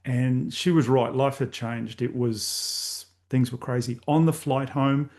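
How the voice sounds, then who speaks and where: Older Australian man, gravelly mid-range voice, candid and rambling storyteller with loose filler words. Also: medium pitch, steady tone, slow, a little mellow. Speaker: podcast host guest. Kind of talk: casual storytelling interview.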